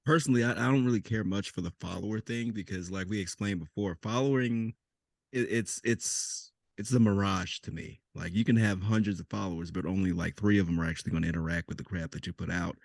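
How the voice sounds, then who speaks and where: A low, gravelly male voice, recorded dry and close. He talks in a loose, rambling, casual way and swears freely while hosting the chat. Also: fast, dry recording. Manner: laid-back, profane, rambling. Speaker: podcast co-host.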